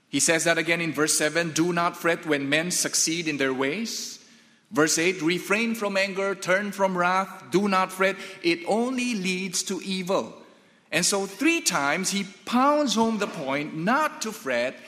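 A man preaching a sermon, deliberate and emphatic, asking rhetorical questions and answering them. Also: a little high, fairly bright tone, in a large hall.

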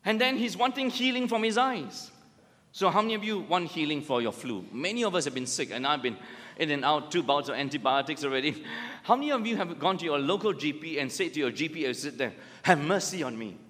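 A man's voice: expressive, fast, a bit bright. A man preaching a sermon, emphatic and full of rhetorical questions. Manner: emphatic, rhetorical questions, rises and drops in pitch. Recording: long hall reverb.

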